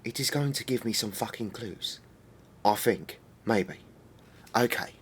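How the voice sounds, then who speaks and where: A man's voice: lowish voice, measured pace, slightly rough. A man streaming a game, swearing and muttering exasperatedly at it. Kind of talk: casual game-stream commentary.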